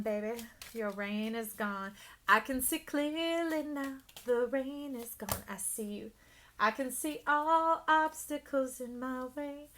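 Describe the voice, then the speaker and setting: A woman giving an intuitive tarot reading, talking expressively and now and then dropping to a soft whisper. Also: medium pitch, a little hiss or hum. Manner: animated, drops to soft whispers. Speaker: tarot reader.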